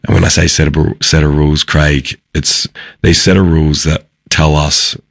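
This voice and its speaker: Very deep husky Australian man. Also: little pitch movement, no room sound, studio quality. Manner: earnest, reflective, halting. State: husky from pollen. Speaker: guest. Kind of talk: casual interview chat.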